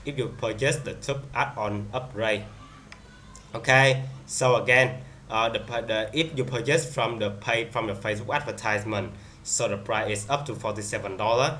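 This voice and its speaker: Bright-voiced man demoing software haltingly. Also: fairly low pitch, slight background noise. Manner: halting, many fillers and restarts. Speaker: software reviewer. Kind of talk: screen-recorded software demo.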